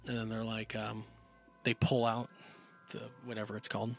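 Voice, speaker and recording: Man, gravelly voice, bright tone, casual rambling film recap, lots of fillers, faint music behind. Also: medium pitch, little pitch movement, fast talker. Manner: rambling, filler-heavy retelling with acted-out quotes. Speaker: film review podcaster.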